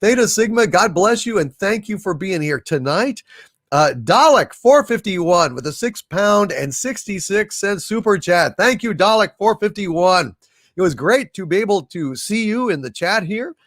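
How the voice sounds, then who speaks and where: A man hosting a livestream, slowly reading out viewers' messages and thanking them, with many fillers and restarts. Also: high-pitched, expressive, a bit bright, no room sound, clean studio sound. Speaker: livestream host reading super chats. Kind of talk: casual livestream chat.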